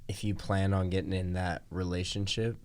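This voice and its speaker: A man's voice: deep voice, little pitch movement, moderate pace, a little mellow, clear, resonant tone. A man in his twenties co-hosting a podcast, talking in a laid-back, slangy and teasing way. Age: 20s. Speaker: podcast co-host. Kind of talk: casual chat.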